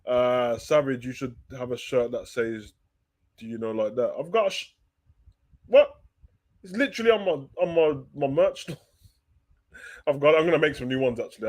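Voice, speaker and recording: Slangy man hosting a live stream. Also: on the low side. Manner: slangy, animated, talks fast and loose. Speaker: wrestling talk show host. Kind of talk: live-stream chat, reading out viewer questions.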